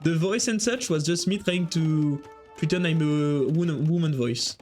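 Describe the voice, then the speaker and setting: A man giving live esports commentary, excitable and joking as he jumps between calling the play and chatting with viewers. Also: a little high, a little slow, soft background music. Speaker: esports caster.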